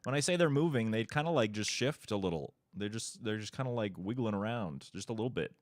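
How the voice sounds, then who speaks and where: A man's voice: lowish voice, lively intonation, brisk, no room sound. Laughing, foul-mouthed male game streamer. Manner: laughs often, swears, answers chat. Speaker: speedrunning streamer. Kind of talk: casual live-stream chat while gaming.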